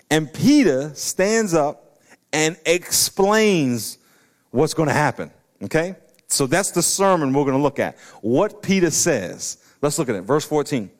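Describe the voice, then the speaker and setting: A middle-aged man, preaching an animated sermon that breaks into loud emphatic bursts. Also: a little high, normal speed. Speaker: pastor.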